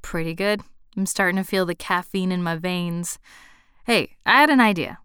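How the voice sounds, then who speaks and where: A man's voice: high voice, moderate pace, pushed and bright, clear, resonant tone, dry recording, clean studio sound. Woman voicing a teasing young Boston man. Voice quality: teasing, playful.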